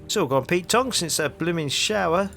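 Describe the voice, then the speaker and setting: A man's voice: sits high, expressive, normal speed, vocal fry, a bit bright, faint music behind, voice pushed up, heavily acted. A man putting on a Cockney street copper. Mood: brash. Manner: rhyming slang, brash and blustering. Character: gruff lazy male London street copper. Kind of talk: voicing a character in a point-and-click game.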